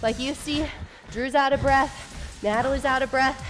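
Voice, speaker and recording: A woman's voice: high-pitched, fairly even intonation, moderate pace. A woman leading a follow-along workout, coaching with upbeat encouragement while getting out of breath. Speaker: fitness instructor. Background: workout music.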